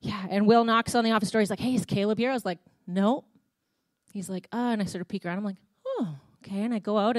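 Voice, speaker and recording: A woman's voice: mid-range voice, darkish tone, no echo. A woman with a Canadian accent preaching a sermon in a church, telling stories in a chatty way and acting out conversations. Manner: chatty storytelling, reenacting conversations.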